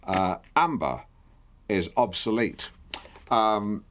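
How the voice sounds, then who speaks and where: Brief: a rambling male presenter, lowish voice with a lively pitch. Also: slow.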